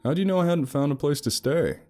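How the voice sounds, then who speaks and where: A man's voice: fairly high pitch, lively intonation, fast talker, mellow, faint music behind. A man narrating a first-person romance horror story in a wry, sarcastic storytelling manner.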